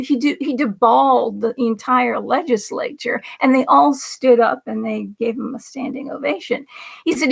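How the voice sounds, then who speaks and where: A woman with a high, creaky, slightly rough voice talks at a normal speed. She hosts a livestream, offering rambling political commentary that sounds indignant and sarcastic, full of repeated asides and with some words dropped to a whisper.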